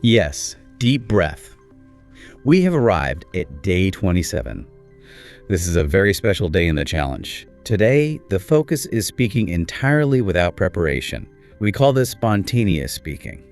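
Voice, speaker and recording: A man with a deep, low voice co-hosts a scripted English speaking course lesson, faint soft music underneath. His manner is clear, encouraging and teacherly, sing-song at normal speed.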